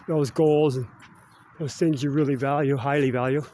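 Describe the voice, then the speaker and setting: Walking the school grounds outdoors, a middle-aged Canadian man vlogs in a casual, rambling style, finishing his phrases with "eh?". His voice sits at medium pitch with a steady, warm tone and normal pace, and there's slight noise in the background.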